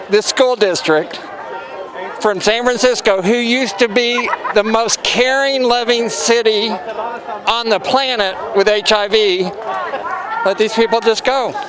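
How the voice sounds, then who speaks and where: Older guy telling his story at an outdoor rally, noisy street and crowd around. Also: high voice. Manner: earnest, emotional, plain-spoken. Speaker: bus dispatcher. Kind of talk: rally testimony. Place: outdoor rally at city hall.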